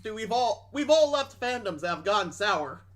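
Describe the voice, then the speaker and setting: A man's voice: high-pitched, sing-song, moderate pace, a bit bright. A young man streaming games, chatting casually in a blunt, sarcastic way. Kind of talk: casual chat.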